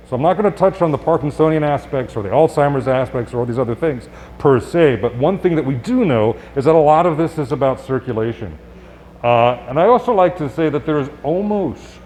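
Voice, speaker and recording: A man's voice: mid-range voice, expressive, a little mellow. Man giving an upbeat health talk. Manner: conversational and upbeat, with rhetorical questions and quick asides. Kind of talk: live presentation to an audience. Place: public event space.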